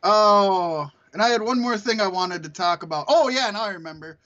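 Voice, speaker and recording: A podcast co-host chats casually in a high, expressive voice at a moderate pace, his tone a bit bright. He rambles, swears, and laughs often. The sound is lo-fi.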